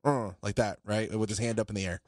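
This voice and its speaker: A man co-hosting a podcast, telling rambling anecdotes in an animated, profane way. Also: fairly low pitch, fast, background noise. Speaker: podcast co-host. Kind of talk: casual storytelling chat.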